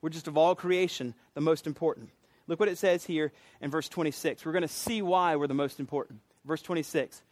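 Man preaching, laid-back and jokey, fairly high voice, dry close sound. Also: fairly even intonation, a little fast, a little mellow, no room sound. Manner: casual, jokey conversational preaching. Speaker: pastor. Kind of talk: sermon.

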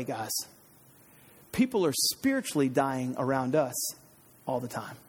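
Guy pastor preaching, pretty high voice, lively storytelling, big echoey hall. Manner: animated storytelling, acts out voices. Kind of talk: sermon with personal story. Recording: long hall reverb.

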